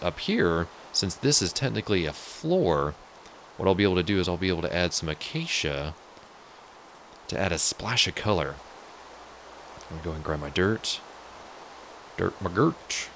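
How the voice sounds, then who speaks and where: Deep gravelly let's-play guy. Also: fairly bright tone, slight background noise. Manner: chatty, jokey, talks to viewers. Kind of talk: casual gameplay commentary.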